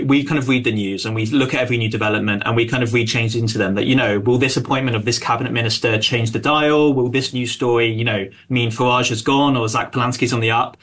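Male pollster guest, fast talker, mid pitch, hedging and filler-heavy. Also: a bit bright. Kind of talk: political analysis interview.

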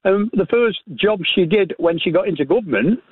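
An older man with a British accent calling into a radio show, talking in a rambling, halting way. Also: high-pitched, expressive, husky, dry recording. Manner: rambling, halting, many restarts. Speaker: caller. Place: on a phone line. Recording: tinny phone line.

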